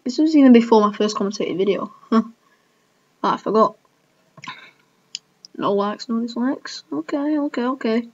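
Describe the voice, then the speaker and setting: A woman's voice: on the high side, normal speed, long pauses, highs cut off. Woman cringing through her own old videos. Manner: keeps exclaiming, cringing and laughing at herself. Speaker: gaming YouTuber. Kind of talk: casual reaction commentary.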